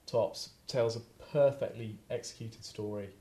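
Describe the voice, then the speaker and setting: A Scottish man speaks with eager enthusiasm on a studio podcast, pausing on fillers as he thinks. His voice is low and mellow. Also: fairly even intonation, roomy sound. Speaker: podcast co-host. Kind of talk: casual studio chat.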